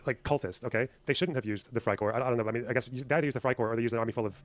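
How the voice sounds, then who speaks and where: A man's voice: mid-range voice, rapid-fire. A man hosting a live stream, arguing heatedly, swearing often and pressing with repeated questions. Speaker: streamer host.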